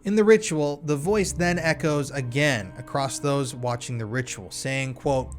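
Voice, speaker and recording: A man's voice: mid-range voice, unhurried, few pauses. A man narrating a conspiracy documentary in a casual, blunt way, with swearing.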